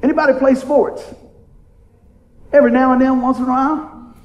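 Pastor, man, high voice, chatty call-and-response preaching, roomy echo. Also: steady tone, moderate pace, muffled recording. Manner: playful, call-and-response preaching with frequent "amen?". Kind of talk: sermon.

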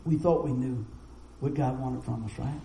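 A middle-aged man, preaching a sermon in a folksy, storytelling way with quick asides. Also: medium pitch, fairly even intonation, dark tone, reverberant, a little hiss or hum, poor audio. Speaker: pastor.

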